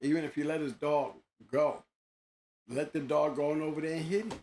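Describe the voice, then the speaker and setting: A man's voice: on the high side, fairly even intonation, moderate pace, darkish tone, slight background noise. A man hosting a show, talking casually in an emphatic, slangy way, often repeating himself. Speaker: host. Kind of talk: casual monologue.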